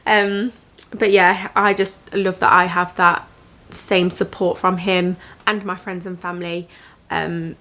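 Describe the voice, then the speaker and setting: A woman's voice: on the low side, flat delivery, bright, forceful tone. Earnest woman telling her story. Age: 20s. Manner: earnest, reflective, halting with restarts; emotional, motivational. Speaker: vlogger. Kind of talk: personal storytime to camera.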